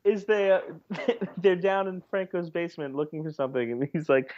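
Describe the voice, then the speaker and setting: A man's voice: sits high, expressive, moderate pace, a little mellow, highs cut off. A man in his twenties co-hosting a casual comedy podcast, enthusiastically retelling favorite scenes through laughter. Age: 20s. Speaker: podcast co-host.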